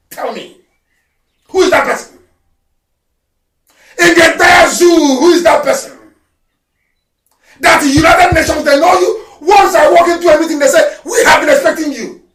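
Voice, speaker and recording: Fiery Nigerian man shouting, high-pitched. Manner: fiery and mocking, often shouting. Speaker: movement leader giving a radio address. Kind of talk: impassioned live radio broadcast. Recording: roomy and distant from the mic.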